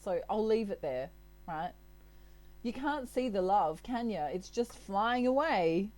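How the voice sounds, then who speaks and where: A woman's voice: mid-range voice, expressive, unhurried, a little mellow, rough recording. A woman giving a casual tarot reading, chatty and playful, laughing often. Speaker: tarot reader.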